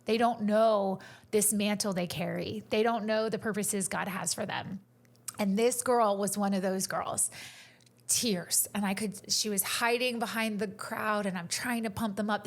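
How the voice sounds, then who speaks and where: Woman, co-host, earnest storyteller, mid pitch, slips into hushed whispers. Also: fairly even intonation, unhurried, creaky. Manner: storytelling, dropping to a whisper at tender moments. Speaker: podcast co-host and coach. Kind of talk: faith-based casual conversation.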